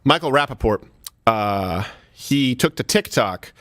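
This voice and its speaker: A man's voice: mid-range voice, expressive, measured pace, fairly bright tone, no echo. A man hosting a political comedy talk show, sarcastic and brash, laughing at his own jokes. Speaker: show host.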